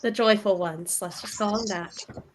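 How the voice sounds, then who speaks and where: A woman playing a tabletop game, speaking in a quiet, measured way. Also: mid-range voice, fairly even intonation. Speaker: player. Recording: faint background noise.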